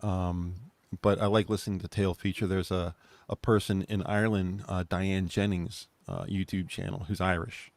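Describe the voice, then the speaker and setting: A man's voice: sits low, flat delivery, moderate pace, gravelly, darkish tone, no echo. A man co-hosting a casual online group chat, talking in a rambling, easygoing way. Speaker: co-host.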